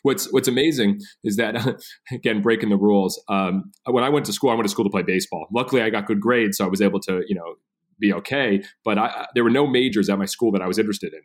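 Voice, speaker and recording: A man in his thirties tells his story as a podcast guest, talking fast with a slightly low voice. He acts out the people in his anecdotes and keeps an animated, casual flow. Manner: animated, acts out quoted dialogue.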